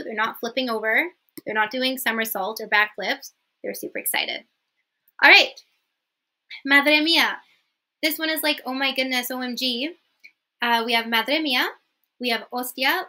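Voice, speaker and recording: A woman's voice: on the high side, pushed and bright. A young woman teaching in a casual vlog lesson, chatty and friendly, often checking in with "okay?" as she explains. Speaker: language teacher.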